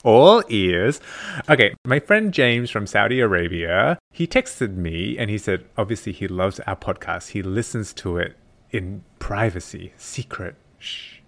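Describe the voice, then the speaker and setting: A man's voice: on the low side, expressive, a little slow, a bit bright. A man with a non-native English accent co-hosting a podcast, telling crude, rambling comic stories in casual chat. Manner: rambling, crude storytelling with frequent laughs. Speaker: podcast co-host.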